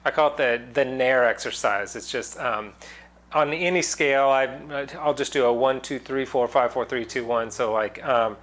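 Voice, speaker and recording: A man's voice: medium pitch, moderate pace, a bit bright. A man teaching singing in a casual online lesson, explaining loosely with many fillers and breaking into sung demonstrations.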